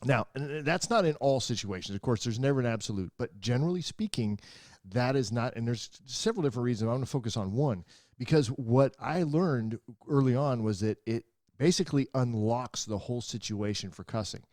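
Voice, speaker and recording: A man co-hosting a casual chat show, explaining his points at length in a relaxed, conversational way. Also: medium pitch, a little fast, dry recording, studio quality. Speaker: co-host.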